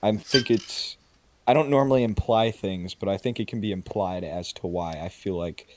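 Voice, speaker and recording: Rambling, foul-mouthed podcast co-host. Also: male voice, lowish voice, moderate pace, a little mellow, no echo. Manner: rambling, swears freely. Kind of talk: casual chat. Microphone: video call.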